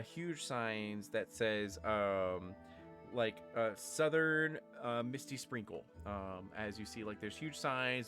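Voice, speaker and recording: A man narrating a tabletop game as game master, in a relaxed, rambling way full of fillers. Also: mid-range voice.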